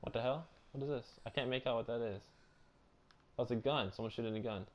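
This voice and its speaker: A young man doing casual let's-play commentary on a horror game, loud, joking and slangy. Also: mid-range voice, fast talker. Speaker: gameplay streamer.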